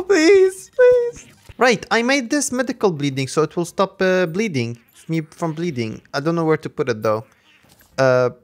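A young man chatting through a let's play, breaking into high yelps and shrieks when danger hits. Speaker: gaming channel host.

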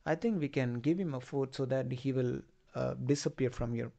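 A man lecturer, retelling a play for a class in loose, halting phrasing with many fillers. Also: mid-range voice, vocal fry, warm tone. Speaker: literature lecturer.

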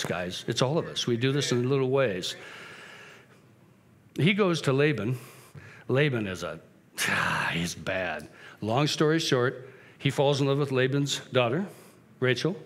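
A man's voice: mid-range voice, fairly bright tone. A man giving a sermon as a guest preacher, retelling the story casually and acting out the characters' voices.

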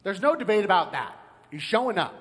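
A man's voice: high-pitched, fairly quick, slightly rough, long reverb tail. A man preaching a sermon as pastor, telling stories and acting out the parts of a joke. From United States. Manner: storytelling, animated, acts out characters in a joke. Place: church sanctuary.

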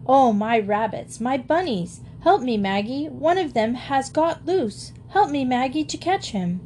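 A woman doing a brisk, confident little boy. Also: high voice, a little hiss or hum, pitched above the performer's own voice. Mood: excited. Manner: brisk, excited, self-assured. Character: small, confident boy visitor fussing over pets.

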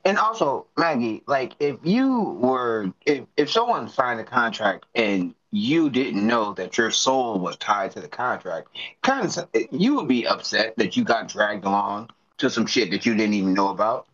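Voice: mid-range voice, very animated, moderate pace, a bit bright, lo-fi sound. A player at a tabletop game arguing insistently and laughing during casual table chat.

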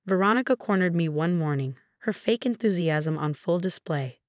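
A woman narrating a first-person story in an even, steady way. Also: lowish voice, moderate pace, no room sound, clean studio sound.

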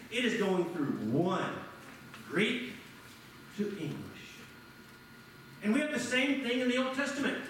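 A high, lively-voiced man preaches to his congregation, piling up rhetorical questions and calling on people in the pews. His voice rings around a very echoey church, heard from a little way off the mic. A faint hum of the room sits behind him. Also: recorded from a distance. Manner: animated, rhetorical questions, addresses congregation by name. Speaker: pastor. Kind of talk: sermon. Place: church sanctuary.

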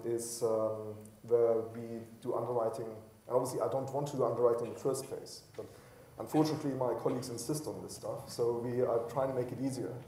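A man's voice: medium pitch, dark tone. A man speaking as an executive on a conference panel, chatty and self-deprecating, with many fillers and restarts. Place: conference hall. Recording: roomy panel hall from far off.

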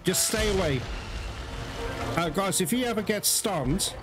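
A young man giving excitable live gameplay commentary as host, groaning, swearing and laughing at the game. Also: sits high, a little slow. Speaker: gaming video host. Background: loud game music.

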